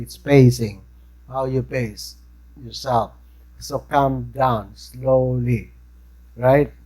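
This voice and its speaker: A man's voice: on the high side, a little mellow, rough recording. A man with a Filipino accent, lecturing a class in a conversational way and often checking in with his listeners. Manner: conversational, keeps checking in with "right?". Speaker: instructor.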